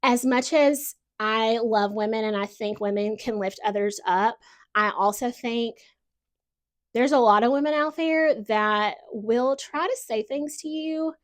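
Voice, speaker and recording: Female podcast host, higher-pitched, chatty motivational monologue, peppered with "like". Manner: chatty, heavy use of "like", lively asides.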